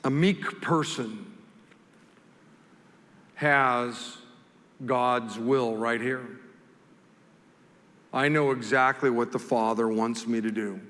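A male pastor delivering a sermon at an unhurried pace, with a bright voice. He rises loud and emphatic when quoting scripture, then drops soft and slow as he reflects. The sound carries a long, roomy hall reverb. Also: medium pitch, fairly even intonation.

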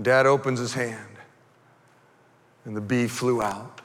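A male pastor preaching an animated sermon that swings from quiet storytelling to fervent shouting. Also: medium pitch, measured pace, pauses often. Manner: animated, builds to fervent shouting, acts out voices. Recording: reverberant church hall.

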